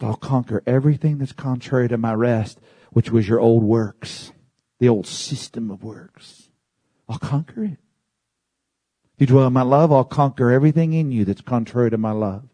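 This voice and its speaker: A man preaching a sermon, moving from calm teaching to loud, high-pitched shouting. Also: normal speed, no room sound.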